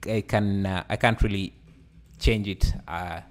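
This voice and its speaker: A man hosting a live software tutorial, hesitant and full of fillers, laughing easily as he reads the chat. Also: on the low side, steady tone, unhurried. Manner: hesitant, many fillers and restarts. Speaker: livestreaming 3D tutor. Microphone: headset.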